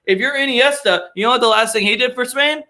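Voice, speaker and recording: A man's voice: very high voice, fast, sharp tone. A man hosting a casual sports podcast, ranting with heavy swearing and sarcasm. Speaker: podcast host.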